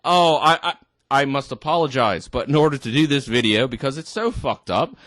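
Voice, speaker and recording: A man's voice: medium pitch, lively intonation, a bit bright, no room sound. A tipsy man ranting indignantly to camera, exasperated and stumbling over his words. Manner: indignant, exasperated, halting restarts. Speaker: vlogger. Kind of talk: ranting commentary.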